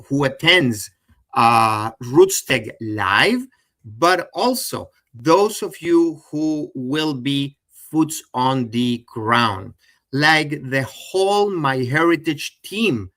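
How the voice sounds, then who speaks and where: A man's voice: medium pitch, animated, very slow, fairly bright tone. A middle-aged man with a Venezuelan Spanish accent giving a chatty, enthusiastic live webinar presentation and speaking straight to his viewers. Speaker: genealogy presenter.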